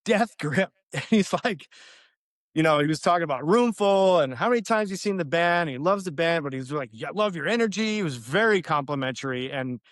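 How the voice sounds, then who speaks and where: A man's voice: a little high, lively intonation, fairly quick, dry recording, studio quality. A man, a guest musician, telling a story casually with lots of fillers, laughing as he goes.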